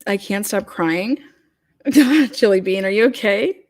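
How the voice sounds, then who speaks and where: A woman's voice: mid-range voice, measured pace, darkish tone. A woman hosting a casual livestream chat, talking loosely with many fillers and restarts as she reads comments. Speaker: host.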